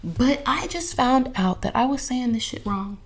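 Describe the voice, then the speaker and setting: A young woman hosting a casual podcast chat, telling animated slangy stories and laughing often. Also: fairly high pitch, normal speed. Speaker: podcast host.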